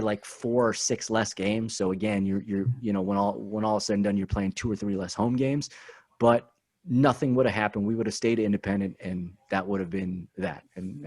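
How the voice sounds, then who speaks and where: A man as a podcast guest, talking in an animated, emphatic way and often repeating his words. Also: lowish voice, a little fast. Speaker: guest, team spokesman. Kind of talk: casual podcast chat.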